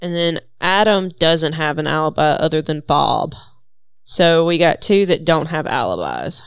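Low smooth-voiced woman in her twenties. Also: lively intonation, unhurried, no room sound. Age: 20s. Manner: jokey, wry, plays with silly voices. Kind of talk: casual group chat.

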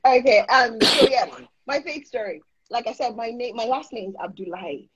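Woman, Nigerian accent, high-pitched, chatty and laughing, muffled lo-fi stream audio. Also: moderate pace, background noise. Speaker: co-host. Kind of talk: casual faith chat on a live stream. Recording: dull lo-fi livestream audio.

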